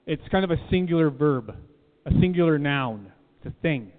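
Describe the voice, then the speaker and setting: Guy preaching w a high voice, repeats stuff for emphasis, tinny phone-ish sound w long echo. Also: expressive, normal speed. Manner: emphatic, repeats key phrases, asks the room questions. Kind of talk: sermon. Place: church room.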